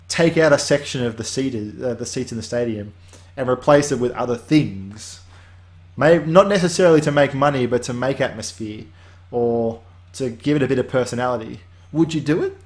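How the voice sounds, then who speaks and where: A man's voice: mid-range voice, moderate pace. A man hosting a weekly game update, talking casually in a rambling way that drifts off on tangents and restarts often.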